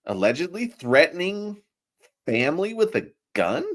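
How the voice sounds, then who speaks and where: A man co-hosting a political podcast, excitable, stammering and firing repeated eager questions. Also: a little high, a little slow. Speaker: podcast co-host.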